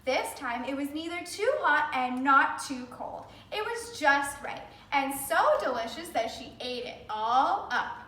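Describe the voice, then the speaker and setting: A woman reading a storybook aloud to children, animated and addressing them directly, recorded in a roomy space away from the mic. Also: high-pitched, a little hiss or hum. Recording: roomy, from a distance.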